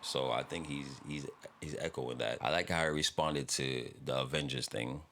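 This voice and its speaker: A man's voice: rumbling low, moderate pace, a bit bright, a little hiss or hum. A man hosting a music reaction video, talking in a laid-back, rambling way with frequent laughs and casual swearing.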